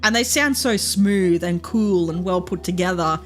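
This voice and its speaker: Soft music plays behind a young Australian woman from Queensland as she chats on her live stream in a lowish, slightly slow voice. She rambles loosely, full of filler words and frequent giggles.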